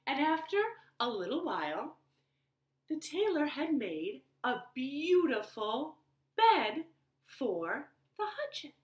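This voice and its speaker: Animated woman reading a children's story. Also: sits high, slow. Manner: expressive and animated. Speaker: children's librarian. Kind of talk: storytime read-aloud. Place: living room. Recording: roomy living room echo.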